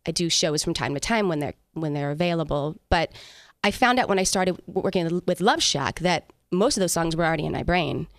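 A middle-aged woman from San Diego, a singer, chatting in an interview in a lively, self-mocking way. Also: on the low side, a little fast, dry recording. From San Diego, USA. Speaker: singer, guest. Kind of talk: casual interview chat.

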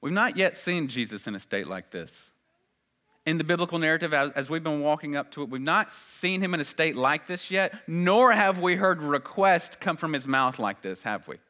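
A man preaching a sermon in an earnest voice that swells loud and high at emphatic moments. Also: animated, normal speed.

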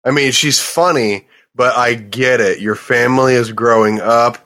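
A man's voice: mid-range voice, a little slow, pushed and bright. Blunt man ranting casually. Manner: blunt, gets worked up and swears. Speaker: podcast guest. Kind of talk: casual chat.

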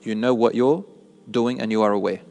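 A man's voice: lowish voice, steady tone, a little fast, vocal fry, darkish tone, in a large hall. A man giving a religious lesson in a mosque, explaining points and putting questions to his listeners. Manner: explanatory, asks the audience questions. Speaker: religious teacher. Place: mosque hall.

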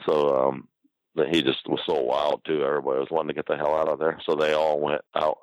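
A man's voice: extremely low pitch, flat delivery, fast, dull audio. A man, a wrestling promoter, telling a rambling, profane story in a casual interview. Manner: rambling, profane, full of fillers.

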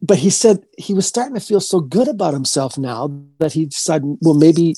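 A man, a paranormal investigator, telling a long story in a casual interview, rambling and halting with many restarts. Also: a little high, sing-song, mellow, husky.

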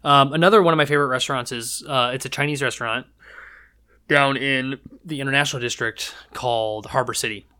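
A man's voice: medium pitch, fairly even intonation, brisk, sharp tone, smooth. A man chatting as a podcast guest, rambling and emphatic, with lots of fillers and restarts. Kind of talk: casual chat.

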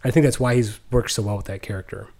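A man's voice: lowish voice, steady tone, quick pace, vocal fry, a little mellow. A man co-hosting a podcast, talking thoughtfully in a casual chat, often restarting his sentences. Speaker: podcast co-host.

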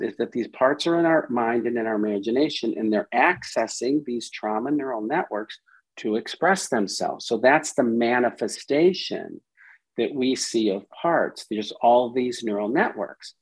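A man's voice: medium pitch, lively intonation, normal speed, slightly rough, poor audio. A man, a psychiatrist guest on a podcast, explaining with animation and acting out inner voices as quotes.

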